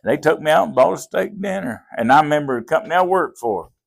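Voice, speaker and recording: A man's voice: on the high side, lively intonation, fast talker, vocal fry. An older man, a pastor with a Southern Appalachian accent, telling folksy stories in an interview. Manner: folksy, drawling storyteller who acts out quoted voices. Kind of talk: storytelling in a podcast interview.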